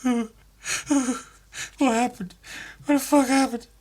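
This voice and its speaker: A man voicing a giant male tiger shark that whimpers and swears in a high, strained whine. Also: sing-song, a little slow, creaky, heavily acted. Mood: whimpering. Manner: panicky, swearing.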